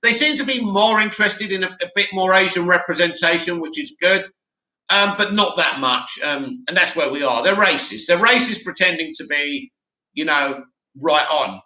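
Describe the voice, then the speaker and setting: Male stream host, high bright voice, roomy echo, talks fast and opinionated. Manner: animated, opinionated, rambling. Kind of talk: casual live chat reading.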